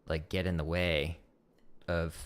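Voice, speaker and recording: A deep, clean voice with a level tone belongs to a man who takes it slowly. Livestreaming from his home practice room, he teaches drum rudiments and counts patterns into a desk microphone, keeping it chatty and loose with frequent "like"s.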